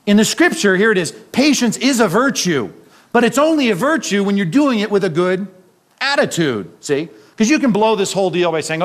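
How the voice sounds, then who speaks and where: A man's voice: high-pitched, sing-song, brisk. A man preaching a sermon as pastor, talking conversationally with the congregation and tossing in frequent rhetorical questions and chuckling asides.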